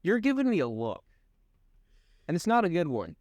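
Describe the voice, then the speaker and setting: Young male co-host, lively, slightly raised pitch, rambling and halting delivery, swears casually. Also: no room sound. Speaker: podcast co-host. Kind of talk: casual chat.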